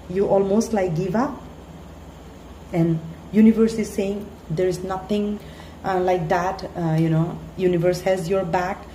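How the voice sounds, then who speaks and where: A woman giving a spiritual tarot reading in an earnest, halting way, full of fillers and restarts. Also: medium pitch, dark tone. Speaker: tarot reader. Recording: echoey room, faint hiss.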